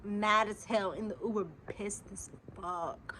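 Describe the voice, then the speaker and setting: A woman vlogger talking straight to her viewers in a mid-range voice, telling a story as casual chat. She is animated and profane, dropping to hushed asides and then bursting out loud. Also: mid-range voice, measured pace, slight background noise.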